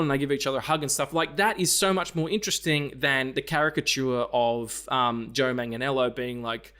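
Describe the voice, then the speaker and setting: Animated man acting out film scenes. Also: mid-range voice, moderate pace. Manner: animated, swears freely, acts out scenes in quoted voices. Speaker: podcast co-host. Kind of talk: casual film chat.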